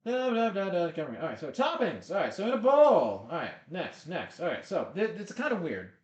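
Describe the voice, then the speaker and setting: A man's voice: high voice, huge pitch swings, a little fast, dull audio. A man chatting casually while cooking on a live stream, rambling and joking at himself as he answers viewers. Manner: rambling, self-mocking, chats with viewers. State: stuffy nose.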